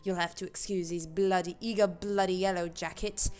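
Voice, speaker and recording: A woman voicing a gruff, jovial tavern keeper man in a put-on old sailor brogue, with rough, drawled speech. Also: lowish voice, fairly even intonation, normal speed, darkish tone, faint music behind, natural voice. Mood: hearty. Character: gruff pirate-ish tavern keeper man, hearty and boastful.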